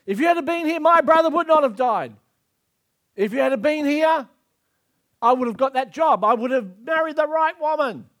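A man's voice: fairly high pitch, slow, few pauses, no echo, studio quality, voice pushed down. A preacher voicing a grieving woman who pleads with God and blames him for her pain. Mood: anguished pleading. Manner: pleading, accusing questions.

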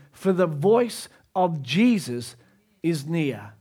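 A man preaching a sermon as pastor, moving between soft, low asides and raised, emphatic climaxes. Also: big pitch swings, slow pace, husky.

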